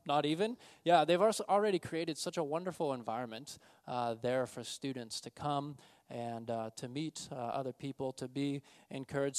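A man, a pastor, introducing new campus missionaries in a church service with frequent fillers. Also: mid-range voice. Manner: warm, filler-heavy introduction. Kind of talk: church announcement.

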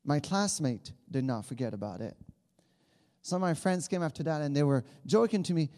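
A man's voice: on the high side, lively intonation, normal speed, dark tone, big-room sound. A man in his thirties from Quebec with a Quebec French accent, a native French speaker giving an earnest church talk as a campus missionary. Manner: earnest, with many restarts.

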